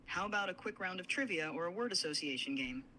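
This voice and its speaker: A synthetic male assistant voice, pitched a little high and very bright. It answers in a polite, apologetic and formal way, with faint noise in the background. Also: fast, rough recording. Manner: apologetic, even-toned and formal.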